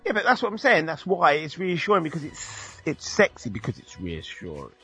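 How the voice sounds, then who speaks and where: A man's voice: fairly high pitch, huge pitch swings, pushed and bright, soft background music. A man from England co-hosting a casual radio chat, jokey and talkative. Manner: chatty, jokey, puts on voices in quick bits. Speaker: radio co-host.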